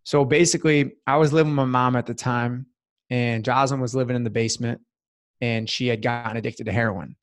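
A man's voice: mid-range voice, steady tone, fairly quick. A man, a guest in a casual interview, telling a personal story in an earnest, heartfelt way with many fillers. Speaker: podcast guest.

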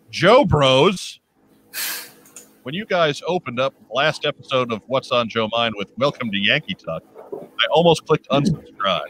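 A man's voice: medium pitch, sharp tone, a little hiss or hum, low-quality recording. A man co-hosting a casual podcast, joking around and reading listener mail aloud. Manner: joking, quick banter. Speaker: podcast co-host.

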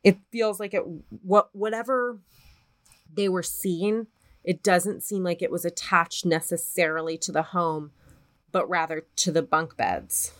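A woman's voice: fairly low pitch, unhurried. A woman co-hosting a podcast, casually retelling a ghost story with plenty of swearing. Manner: profane, animated retelling of a spooky story. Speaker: podcast co-host.

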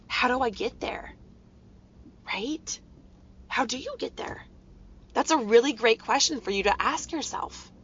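A woman's voice: on the high side, lively intonation, unhurried, long pauses, a bit bright, breathy edge, dull audio. A woman in her thirties hosting a podcast, telling a personal story in an earnest, heartfelt way and talking straight to her listeners. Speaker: podcast host.

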